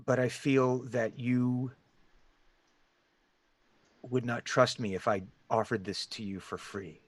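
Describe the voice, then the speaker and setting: A man voicing a mysterious hooded stranger in a tabletop game, speaking in a deep, gravelly, hushed voice. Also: takes it slowly, no echo. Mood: ominous.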